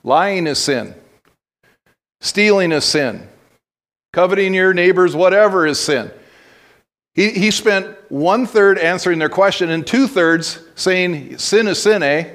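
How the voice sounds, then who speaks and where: A man's voice: sits high, animated, a little slow, pauses often, fairly bright tone. A man preaching a sermon as pastor, telling stories conversationally and breaking into blunt exhortations, with frequent restarts.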